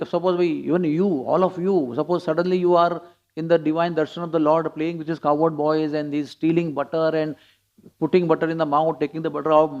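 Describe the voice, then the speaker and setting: A man's voice: a little high, darkish tone. A man giving a scripture class, telling stories with chuckles and acting out quotes. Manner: storytelling, chuckling, acts out quotes. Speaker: preacher. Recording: dull lo-fi recording.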